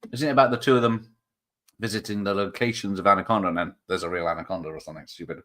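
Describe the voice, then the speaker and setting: A man's voice: low voice, fairly even intonation, racing, bright, forceful tone. Rambling man chatting live. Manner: rambling, chuckling, with many fillers and restarts. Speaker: host of a live show. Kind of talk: casual live-stream chat, reading comments.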